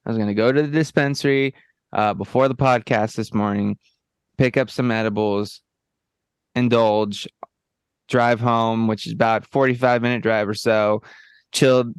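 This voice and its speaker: A man co-hosting a podcast in a laid-back, casual chat, high on edibles, peppering his talk with "bro" and "you know what I mean". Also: fairly even intonation, normal speed, smooth, no room sound, studio quality. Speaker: podcast co-host.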